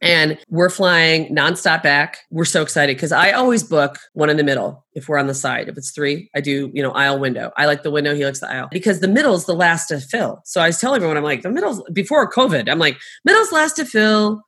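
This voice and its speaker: A middle-aged woman, a travel agent, telling stories in casual conversation, animated and laughing often as she acts out what people said. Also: low-pitched, quick pace, hardly any pauses, husky.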